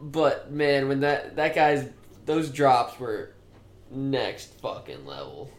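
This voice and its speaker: A young man co-hosting a podcast, telling stories in an animated way with swearing and laughter. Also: medium pitch, takes it slowly, reverberant. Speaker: podcast co-host. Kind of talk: casual chat.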